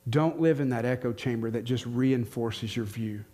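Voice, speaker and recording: A man's voice: medium pitch, moderate pace, mellow. A man in his forties with a Southern American accent, a pastor preaching earnestly and asking the congregation questions. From United States. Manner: earnest, questioning, repeats key lines for emphasis. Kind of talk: sermon.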